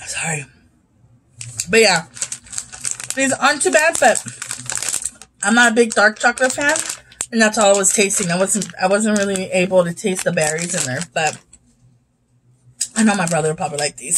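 A woman's voice: medium pitch, slight background noise, rough recording. A young woman chatting casually as she tastes and rates snacks, sometimes talking with her mouth full. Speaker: YouTube host. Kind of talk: casual snack review vlog.

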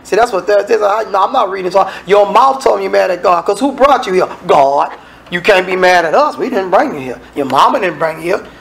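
Lively gravelly-voiced man preaching. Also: high-pitched, brisk, poor audio. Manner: animated, conversational preaching with dramatic asides. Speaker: minister. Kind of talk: sermon.

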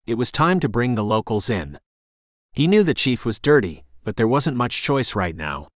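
A male audiobook narrator with a lively, animated pitch who tells a crime story tensely and dramatically. The recording is dry and close, on a studio mic. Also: normal speed, no echo. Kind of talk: scripted narration.

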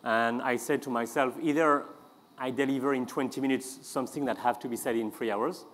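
A man with a French accent giving a conference talk, halting often with fillers and restarts. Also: mid-range voice, fairly even intonation, a bit bright. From France. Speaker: speaker. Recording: long hall reverb.

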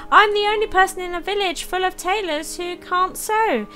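A woman's voice: very high voice, normal speed, bright, forceful tone, voice pushed up. A woman voicing a bashful young toymaker from a village in a video game, apologetic and self-conscious. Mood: sheepish.

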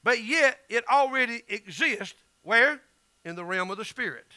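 A man's voice: very high voice, expressive, moderate pace, bright, forceful tone, no room sound. A middle-aged man with a Southern US accent, preaching an emphatic, folksy sermon as pastor.

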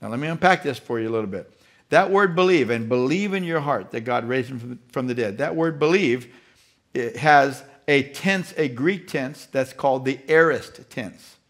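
A man's voice: medium pitch, moderate pace, a bit bright. A male pastor preaching a sermon. He speaks emphatically, repeats key phrases and puts questions to the congregation.

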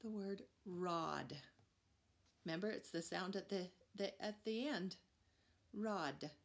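Preschool teacher, female; unhurried, slightly fried voice; encouraging phonics lesson delivery. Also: medium pitch, creaky. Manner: upbeat, encouraging, drawn-out sounds. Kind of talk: phonics lesson for young children.

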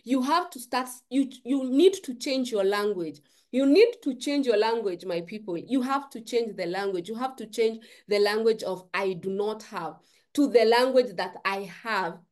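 A woman's voice: on the high side, expressive, normal speed, darkish tone. A woman giving an emphatic, preachy motivational talk to camera, repeating phrases for stress. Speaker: forex trading YouTuber.

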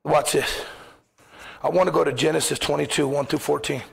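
A man's voice: a little high, steady tone, a little fast, creaky, slightly rough. A man preaching a sermon as pastor in a church, impassioned, firing rhetorical questions and acting out quoted voices.

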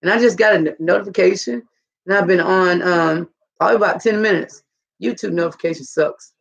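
A woman's voice: lowish voice, fairly quick, creaky, slightly rough. A woman hosting a casual live stream, rambling and gossiping with lots of profanity. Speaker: channel host. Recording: muffled lo-fi recording.

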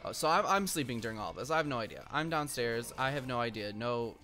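This young gaming host talks fast and animated in a bright, forceful medium-pitched voice, with slight background noise around him at home. He wanders casually through a story as he plays, dropping plenty of ums and flaring up in frustration at the game.

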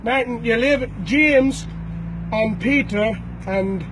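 A man's voice: very high-pitched, takes it slowly, background noise. An Irish man, a bare-knuckle fighter, records a challenge to a rival, taunting and threatening him and repeating names and "boys" over and over.

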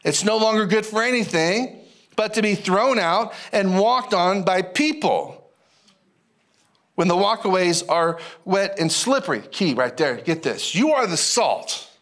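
A male pastor preaching a sermon in an animated, folksy way, repeating phrases and calling out to the congregation. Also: sits high, unhurried. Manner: animated, repetitive, folksy preaching with audience call-outs.

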